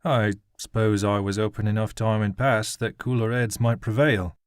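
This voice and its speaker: A man voicing a wary young male guardsman who talks in a careful, hushed way. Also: lowish voice, steady tone, moderate pace, smooth, no room sound, studio quality, close to an everyday voice. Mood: restrained.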